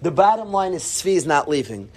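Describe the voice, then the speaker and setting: A man telling a humorous personal anecdote to a group, animated and self-deprecating. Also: a little high, a little fast. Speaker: storyteller.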